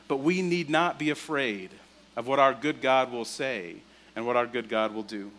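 A man preaching a sermon in a church, telling stories conversationally, often asking "right?" and dropping to a hushed voice to stress a point. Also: medium pitch. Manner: drops to a soft, hushed voice for emphasis. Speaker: pastor.

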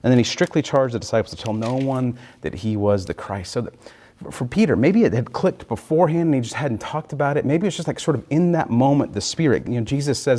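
A man giving an easygoing sermon on scripture, with a mellow, warm tone. He talks things through loosely, stops to check in with his listeners, and keeps his pitch in an ordinary middle range. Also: lively intonation, brisk. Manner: casual and thinking aloud, often checking in with listeners. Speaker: preacher. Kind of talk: conversational Bible teaching.

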